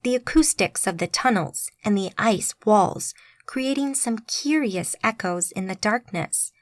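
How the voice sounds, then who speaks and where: A woman giving steady, scripted audiobook narration. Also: medium pitch, measured pace, no echo.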